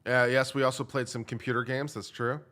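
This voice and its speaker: A young man chats casually on his live stream, joking and thanking viewers as he reacts. His voice has a bright, forward tone at an ordinary pitch. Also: little pitch movement, a little fast.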